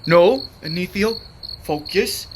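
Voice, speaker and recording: A man's voice: sits high, animated, slow pace, noisy background, voice pushed up. A man voicing a distractible young male fortress guard who talks in an airy, easily sidetracked way. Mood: eager.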